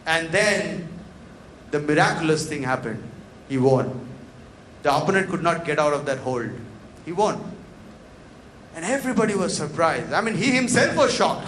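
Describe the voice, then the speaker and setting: A motivational speaker with a high-pitched, slightly bright voice talks briskly and animatedly in a large event hall, dramatically telling a story and acting out its dialogue. The hall is echoey, with faint noise.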